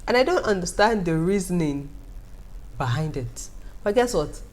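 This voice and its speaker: A young woman talks casually to her viewers about motherhood, her voice sitting a little low. She tells her stories in an animated, playful way and laughs often as she speaks. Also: moderate pace. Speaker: vlogger. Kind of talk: casual storytelling to camera.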